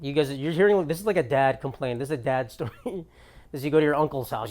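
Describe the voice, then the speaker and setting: A man's voice: medium pitch, fast talker, darkish tone. A young man from the United States ranting through an exasperated, profane comedic monologue as a podcast host in his apartment.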